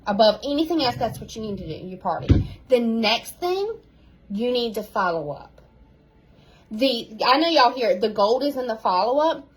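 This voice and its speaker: A woman, a sales team leader giving an animated, casual pep talk at home, repeating key phrases for emphasis. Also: on the high side, moderate pace, husky, rough recording.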